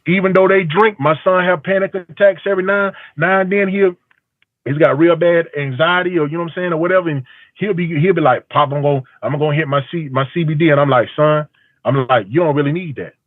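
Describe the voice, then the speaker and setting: A man's voice: fairly high pitch, fast, no room sound. Man testifying over a phone line. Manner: storytelling with quoted dialogue, emphatic. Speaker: barber. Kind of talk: call-in testimony. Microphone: phone call. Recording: tinny phone line, dry.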